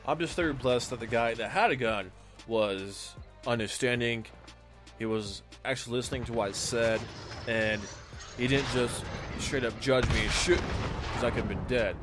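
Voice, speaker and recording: Guy doing a storytime, mid pitch voice, bit of music under it, acts out the lines. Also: normal speed. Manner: animated retelling, acts out quoted lines, frequent fillers. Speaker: gaming streamer telling a personal story. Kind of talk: casual storytime narration.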